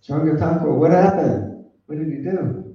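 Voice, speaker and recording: A man's voice: on the high side, moderate pace, highs cut off. A man telling a spiritual story to a gathering, playful, laughing often and quizzing the listeners, recorded from a distant mic in an echoey room. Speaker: spiritual teacher.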